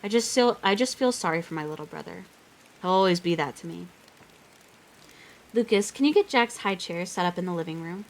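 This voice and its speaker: A woman's voice: on the low side, lively intonation, fairly quick, long pauses. A woman reading a novel aloud on a live stream, reading steadily and breaking off now and then for chatty reactions. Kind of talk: live read-aloud with asides.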